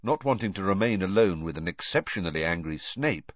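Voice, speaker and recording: A man reading a story aloud in an expressive storytelling manner. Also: low-pitched, fairly quick, no room sound, highs cut off. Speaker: audiobook reader. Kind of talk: scripted narration.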